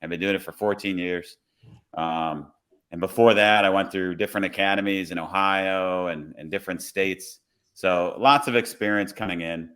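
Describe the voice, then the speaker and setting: Low-voiced man telling a story. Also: normal speed, clean tone. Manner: relaxed, conversational, acts out his own quoted lines. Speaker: police officer. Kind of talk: casual storytelling on a podcast.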